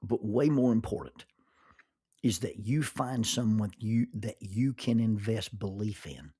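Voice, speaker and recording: Husky, low-voiced man giving an earnest talk. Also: mellow. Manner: earnest, halting, repeats words when starting phrases. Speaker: podcast host giving a devotional message. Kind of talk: reflective faith-based talk.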